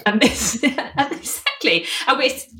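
A woman's voice: high voice, animated, takes it slowly, a bit bright. A woman hosting a podcast, chatting casually with guests in a wry, playful way. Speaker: podcast host.

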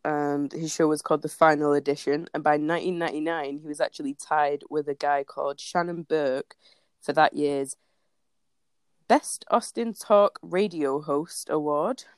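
A woman's voice: sits low, fairly even intonation, moderate pace, clear, resonant tone, dry recording. A woman co-hosting a podcast in casual chat, laughing often as she tells the story. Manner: giggly, laughs often between lines. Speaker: podcast co-host.

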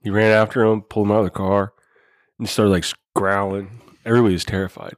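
A man's voice: on the low side, little pitch movement, fast talker, dry recording. Man, casual crude storyteller, dry sound, acts out dialogue. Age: adult father.

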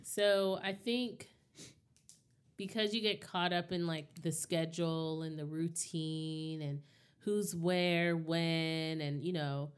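A woman's voice: sits low, fairly even intonation, takes it slowly, clear, resonant tone. A woman co-hosting a casual talk, speaking candidly and reflectively and often checking in with her listener. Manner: candid, reflective, often asks "you know what I mean". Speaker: podcast co-host. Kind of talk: casual chat.

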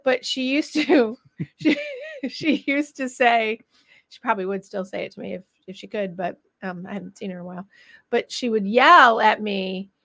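A woman hosting a show in a studio, chatting casually with quick asides and laughter. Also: medium pitch, a bit bright, dry recording. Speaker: show host.

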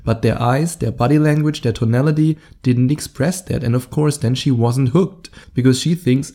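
German-accented male dating coach, solo podcast host, direct, mellow and gravelly in tone. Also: mid-range voice, steady tone, fairly quick, hardly any pauses. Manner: direct, coaching, addresses the listener.

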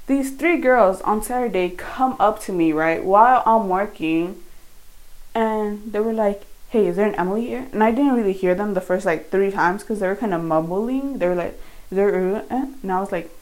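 A woman's voice: mid-range voice, rough recording. A young woman telling a story in a casual vlog, chatty and rambling with lots of fillers. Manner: quieter at times while doing makeup. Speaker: vlogger.

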